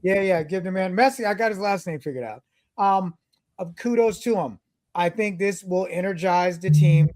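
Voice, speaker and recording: High-pitched dude rambling about sports with his cohosts, dry close mic. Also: a little mellow, no room sound. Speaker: podcast co-host. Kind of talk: casual sports chat.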